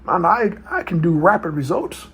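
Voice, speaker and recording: A man's voice: high-pitched, lively intonation, normal speed, a bit bright, breathy edge. A middle-aged man, a mental health coach, telling a personal story in a loose conversational way with frequent tag questions. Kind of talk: storytelling talk.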